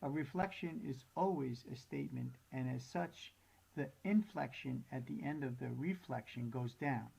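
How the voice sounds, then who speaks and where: A man reads a scripted training lesson in a steady, measured way, going through the definitions aloud. His voice is gravelly and husky, and it sits a little high. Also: lo-fi sound. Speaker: narrator.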